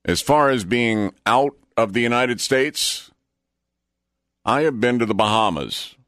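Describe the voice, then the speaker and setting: A man's voice: medium pitch, expressive, a little slow, fairly bright tone, no room sound. A man anchoring the news on a radio show, reading and bantering with dry, wry asides.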